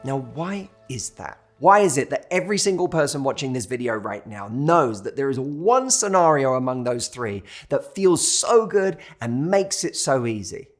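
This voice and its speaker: British man coaching, with soft music. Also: mid-range voice, very animated, normal speed, few pauses. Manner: storytelling, acts out quoted waiters. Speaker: dating coach. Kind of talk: direct-to-camera advice talk.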